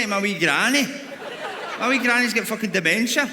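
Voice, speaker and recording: A man's voice: high voice, animated, a little fast. Glaswegian man doing stand-up in an arena. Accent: Scottish, Glaswegian. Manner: crude, swearing, mocking banter with the crowd. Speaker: stand-up comedian. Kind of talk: stand-up comedy set. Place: large arena on stage. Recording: echoey arena with crowd noise.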